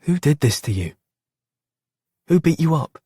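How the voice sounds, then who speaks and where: An eager young telegram boy speaks up in a raised voice, as a male narrator does him. The pitch sits well above the narrator's own voice, with a husky edge. It is a dry audiobook recording. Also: big pitch swings, unhurried, dark tone, no echo, exaggerated voice. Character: young working-class London telegram boy. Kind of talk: audiobook character voice.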